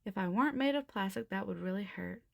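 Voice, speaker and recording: A woman's voice: mid-range voice, fast, gravelly, no room sound, studio quality. Buzz, a woman doing a formal toy space ranger. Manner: formal, commanding.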